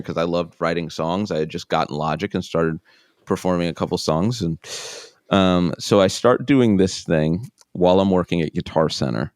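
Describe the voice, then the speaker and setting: A man telling his own story as an interview guest, self-deprecating and animated, acting out the people in it. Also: sits low, moderate pace, dry recording, clean studio sound. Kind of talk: casual storytelling.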